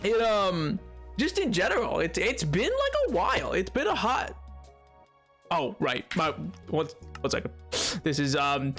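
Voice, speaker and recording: A man's voice: high voice, huge pitch swings, a little slow, a bit bright, faint music behind. A man live-streaming a game, chatting playfully and joking with his viewers. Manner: playful and joking, talks to chat. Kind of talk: casual live-stream chat while gaming.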